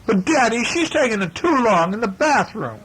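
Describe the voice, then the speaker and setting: A hoarse man voicing a grumpy, quarrelsome young boy bear cub in a raised childish voice. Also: very high voice, big pitch swings, moderate pace, voice pushed up, full character voice, low-quality recording. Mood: cranky. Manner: shouting complaints in a raised childish voice.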